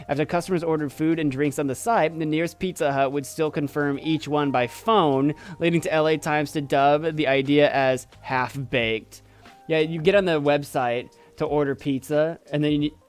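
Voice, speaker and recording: A man's voice: on the high side, clear, resonant tone. A man streaming, reading on-screen text aloud and adding wry, amused asides.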